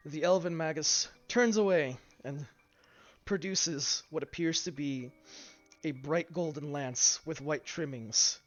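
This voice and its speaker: Halting man game master, high voice. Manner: halting narration with many fillers and restarts. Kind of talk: narrating a tabletop game. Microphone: streaming mic. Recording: dull lo-fi stream, faint music.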